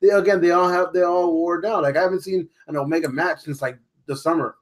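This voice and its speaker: A man's voice: sits high, steady tone, quick pace. A man co-hosting a wrestling podcast in casual chat, rambling and swearing freely with lots of "you know what I mean". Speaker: podcast co-host.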